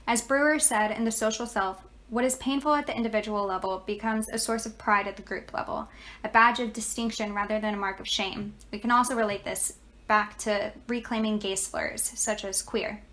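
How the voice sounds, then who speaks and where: A woman's voice: mid-range voice, normal speed, a bit bright. Young woman student, reads her presentation evenly, mid-range voice. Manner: reads steadily from a script. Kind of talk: scripted class presentation.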